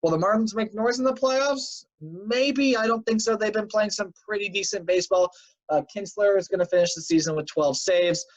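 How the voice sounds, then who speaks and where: A man's voice: high voice, moderate pace. A man hosting a casual weekly sports news recap who sounds tired and fills his talk with "um" and "uh". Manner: chatty, filler-heavy, offhand predictions. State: tired and yawning. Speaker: sports show host. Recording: dull lo-fi home recording.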